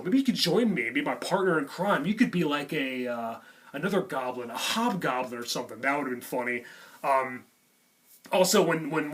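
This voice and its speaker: Guy rambling thru a movie review, lotsa ums, voice a bit on the high side. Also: fairly bright tone. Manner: rambling, many "um" and "you know" fillers. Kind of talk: casual reaction vlog.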